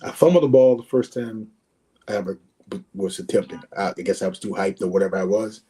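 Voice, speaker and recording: A man in his sixties tells his stories as a podcast guest, his voice husky and warm rather than bright. He drives his points home by repeating words and acts out the conversations he quotes in full. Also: low-pitched, a little fast. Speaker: guest, former pro running back. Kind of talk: podcast interview storytelling.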